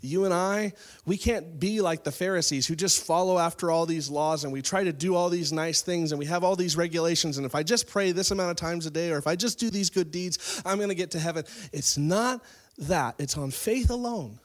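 A pastor preaching a sermon, retelling a Bible story in a casual, conversational way and swinging between loud, stressed lines and quiet ones. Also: male voice, fairly high pitch, a little fast.

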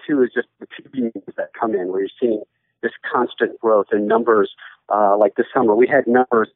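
Heard on a tinny call line in a dry recording, this man in his forties, a soccer broadcaster, talks at a medium pitch. His casual podcast chat is chatty and rambling, full of restarts.

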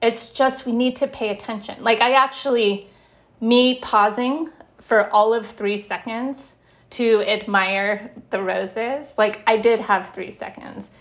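A middle-aged woman who writes about happiness, talking as an interview guest. She is animated, tells stories with bits of laughter, and says "like" a lot. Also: a little high, slow. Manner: animated, laughs while telling stories, lots of "like". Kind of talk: conversational interview.

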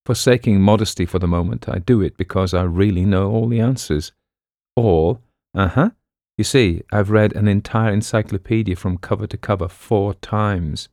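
A man voicing a quick-witted, self-assured male bookseller and amateur sleuth with a breezy manner. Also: lowish voice, darkish tone, no echo, clean studio sound, natural voice.

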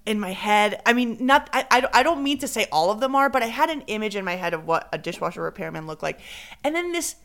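A woman's voice: medium pitch, fast. A woman, a podcast co-host telling a story in casual chat, acting out quotes and mixing in Spanish. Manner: animated, acts out quotes, code-switches into Spanish.

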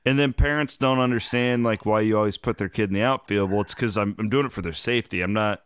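Hoarse, low, smooth-voiced podcast host. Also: male voice, quick pace, no echo, studio quality. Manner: loose, rambling, profane storytelling. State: hoarse from travel. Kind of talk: casual chat.

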